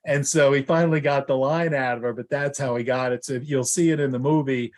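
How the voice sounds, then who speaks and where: A male actor and lawyer tells stories as a guest in a loose, casual way. He rambles, restarts his sentences often and fills pauses with ums. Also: medium pitch, fairly even intonation, darkish tone. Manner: rambling, with many fillers and restarts. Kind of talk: casual anecdotal storytelling.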